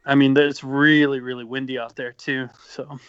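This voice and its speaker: A man's voice: medium pitch, little pitch movement, moderate pace, fairly bright tone, clean tone, dry recording. A man who plays in a band, chatting as a guest in a rambling way with lots of fillers and frequent laughter. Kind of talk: casual interview chat. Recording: dull lo-fi sound.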